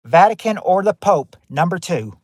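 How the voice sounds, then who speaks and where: Speaking at a normal speed in a high, animated voice with no echo, a man hosts a livestream game show. He casually reads viewers' guesses and greets them by name, frequently using fillers and starting over.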